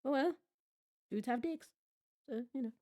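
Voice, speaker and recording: A woman's voice: high-pitched, unhurried, background noise. A woman gives casual reaction commentary on a TV show as a streamer, blunt and profane, riffing and repeating her phrases.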